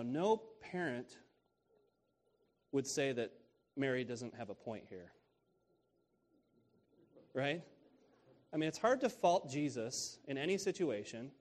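A man's voice: medium pitch, a little mellow. Casual conversational male preacher. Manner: casual, repeats key phrases, asks "right?". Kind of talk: conversational sermon on scripture.

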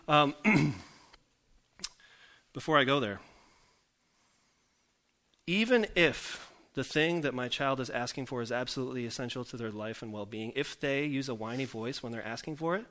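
A man delivers a sermon in a loose, chatty way, his voice clear and bright at an ordinary middle pitch. He breaks up the scripture with wry, self-mocking asides and keeps asking the congregation questions. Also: normal speed, pauses often. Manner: joking, self-deprecating asides. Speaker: pastor. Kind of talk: conversational sermon.

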